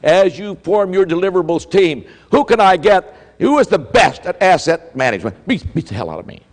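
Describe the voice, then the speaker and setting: A man's voice: sits high, very animated, fairly quick. An older man giving a keynote talk to an audience, telling stories animatedly and acting out quoted exchanges. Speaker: motivational speaker. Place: large hall before a live audience. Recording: speech with long hall reverb.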